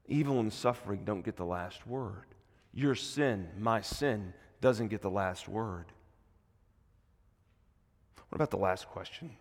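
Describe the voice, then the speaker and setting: A male pastor preaching a sermon, moving between quiet, hushed passages and loud, emphatic peaks. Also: lowish voice, a little slow, pauses often. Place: church sanctuary. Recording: long hall reverb in a church.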